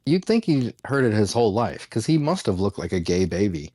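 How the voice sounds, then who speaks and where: A man hosting a casual comedy podcast, ranting in an animated, mocking way and laughing often. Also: fairly low pitch, fairly quick, no echo. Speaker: podcast host.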